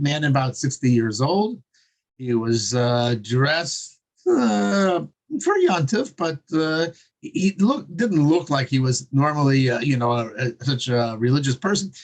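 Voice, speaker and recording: A man telling a religious story in an earnest, conversational way with many pauses. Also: a little high, animated.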